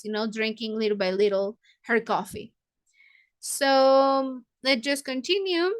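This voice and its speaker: Slow, bright-voiced woman. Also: high-pitched, clear, resonant tone. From Mexico. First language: Spanish. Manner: paraphrases lines, glosses words in Spanish. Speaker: book club leader. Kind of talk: explaining a novel to English learners.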